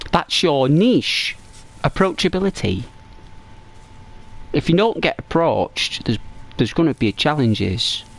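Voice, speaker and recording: An English man giving casual, rambling gameplay commentary as a streamer. He often repeats and restarts phrases, and his voice climbs and gets animated when he tells stories. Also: medium pitch. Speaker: gaming streamer.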